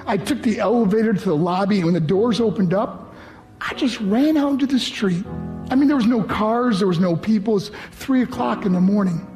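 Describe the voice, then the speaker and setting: Over background music, a New York man speaks to students with heartfelt emotion, recounting his story and performing the voices he quotes as a motivational speaker. He talks briskly in a high-pitched, darkish voice.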